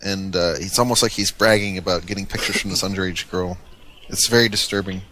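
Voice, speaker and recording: A man on a phone call, calm, polite and deadpan. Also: sits low, fairly quick. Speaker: caller.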